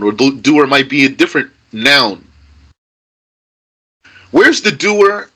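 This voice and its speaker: A man teaching grammar to a live class, slow and lively in pitch, often repeating himself for emphasis. His tone is bright with a slightly husky edge. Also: rough recording. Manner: patient, repeats key points, emphatic stress.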